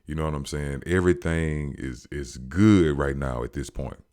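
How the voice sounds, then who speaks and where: Low voiced guy recapping a show, real animated. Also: normal speed. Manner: animated, slangy, acts out quotes. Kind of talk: casual storytelling recap.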